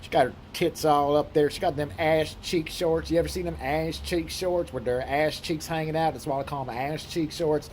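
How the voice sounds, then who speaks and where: A man voicing a crude, chatty male trucker who talks in a slow Southern drawl and boasts in profane detail. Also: fairly high pitch, steady tone, darkish tone, a little hiss or hum, close to an everyday voice. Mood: leering. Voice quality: slow drawling country speech.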